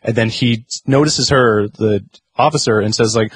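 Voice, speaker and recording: A man's voice: mid-range voice, moderate pace, slightly rough. A man chatting as a podcast guest, telling rambling work anecdotes with lots of fillers and quoted voices. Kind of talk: casual storytelling chat.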